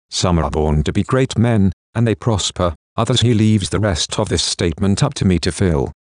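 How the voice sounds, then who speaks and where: A man narrates a first-person novel for an audiobook in a deep, low voice. His reading is measured and even, and the sound is dry and close, with no room echo.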